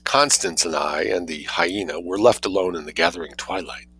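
A man reading a story aloud as audiobook narration, in an expressive, wry storytelling manner. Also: low-pitched, normal speed, slightly rough, poor audio. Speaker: reader.

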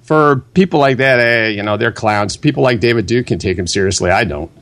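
A man's voice: fairly low pitch, a little fast, fairly bright tone. A man arguing as a guest in a heated debate, combative and dismissive.

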